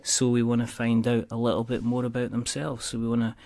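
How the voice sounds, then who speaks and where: A man's voice: medium pitch, completely flat delivery, brisk, creaky, a little mellow. A man hosting a board game podcast, joking and rambling in casual chat. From Scotland. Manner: jokey, rambling, puts on silly voices. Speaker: podcast host.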